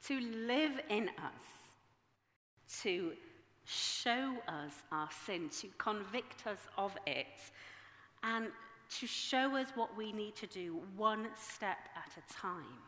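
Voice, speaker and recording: Lady in her 40s preaching, bright lively voice, big echoey church hall. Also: medium pitch, a little slow. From Yorkshire, England. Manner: animated, self-mocking storytelling. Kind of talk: sermon. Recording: echoey hall with long reverb.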